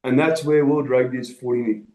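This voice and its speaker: A man's voice: medium pitch, steady tone, moderate pace, mellow, roomy sound, a little hiss or hum, low-quality recording. A man with a South African accent, a guest on a rugby podcast, voicing strong opinions. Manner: emphatic, heated opinions. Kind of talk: casual sports podcast chat.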